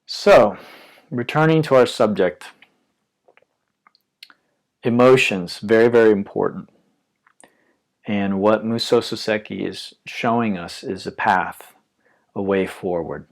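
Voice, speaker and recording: Slow, low-voiced calm yoga teacher. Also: male voice. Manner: calm and reflective, trailing off softly. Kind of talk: dharma talk.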